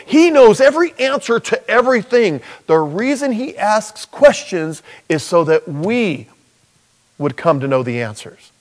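A man preaching a sermon, animated and jokey, acting out bits of dialogue as he goes. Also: high-pitched. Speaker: pastor.

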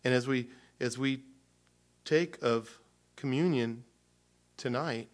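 A man telling a personal story from the pulpit in a midrange voice. He talks loosely and with feeling, stopping and restarting often. The tone stays warm and unscripted. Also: mid-range voice, slow pace. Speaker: pastor. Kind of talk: sermon before communion.

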